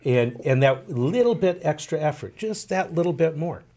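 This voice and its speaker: A man's voice: a little high, lively intonation, normal speed, dark tone. A man co-hosting a podcast, telling a folksy story and reflecting on it in casual chat. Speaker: podcast co-host.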